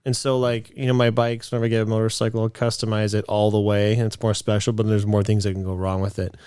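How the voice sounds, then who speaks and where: A man in his late twenties chats casually on a podcast, circling back and restarting as he tells a story. His voice sits low, and the recording is dry with no room sound. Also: fast, clean tone, dry recording. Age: late 20s. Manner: rambling storyteller, restarts, animated in quotes. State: a bit out of breath. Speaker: podcast co-host. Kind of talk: casual chat.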